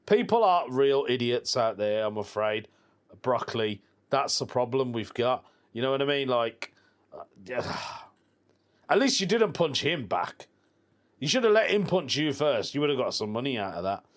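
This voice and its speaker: A man's voice: medium pitch, very animated, moderate pace. A man hosting a casual solo podcast, telling stories in informal slang and laughing at his own jokes. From England. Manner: informal slang like "proper" and "mate". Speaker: podcast host.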